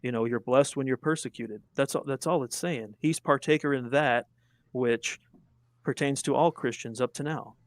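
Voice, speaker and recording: An earnest man argues a point of theology with emphasis and conviction. His voice sits at an ordinary middle pitch. The sound is dry and close, with little room around it. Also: moderate pace, no room sound. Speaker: debater. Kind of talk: theological debate.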